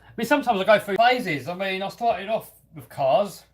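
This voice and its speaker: A man's voice: sits high, animated, moderate pace. A man with a light London-area English accent, chatting casually and self-deprecatingly as he hosts a live stream and answers viewer comments. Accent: London-area English, lightly Cockney. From England. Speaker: host of a hobby channel live stream.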